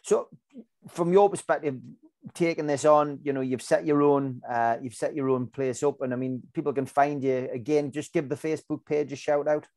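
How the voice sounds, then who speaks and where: A man hosting an interview, halting and repeating words as he speaks. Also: fairly high pitch, steady tone, a little mellow, no echo. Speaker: host.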